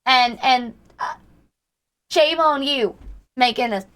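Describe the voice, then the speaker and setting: A woman's voice: sits high, slow pace, fairly bright tone. A young woman streamer with a sick, strained voice, chatting in a rambling way and greeting her viewers by name. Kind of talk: casual live-stream chat with viewers.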